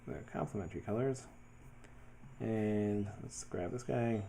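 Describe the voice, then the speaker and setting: A man talking casually through his design work as he goes, thinking aloud in a relaxed way with many fillers. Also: lowish voice, unhurried, creaky, a little hiss or hum. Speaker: web developer building his portfolio. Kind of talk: casual screen-share commentary.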